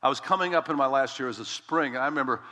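A man in his fifties, a pastor, telling a personal story in a sermon, animated and repeating words as he acts out conversations. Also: mid-range voice, racing, big-room sound.

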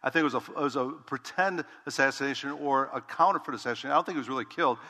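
A man preaches a verse-by-verse sermon from the pulpit, his voice bright and forceful. He keeps it conversational and often calls for an "amen" from the pews. The sound carries a long reverb from a large church hall. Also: medium pitch, rapid-fire. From Dutch heritage. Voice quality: bald preacher self-described. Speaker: pastor. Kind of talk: expository sermon.

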